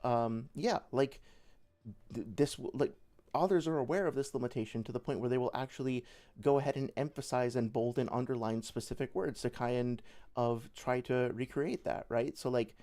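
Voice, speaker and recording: A man's voice: mid-range voice, fairly even intonation, normal speed, a little mellow. A young man giving casual livestream commentary as a debate reviewer, rambling with many fillers and restarts.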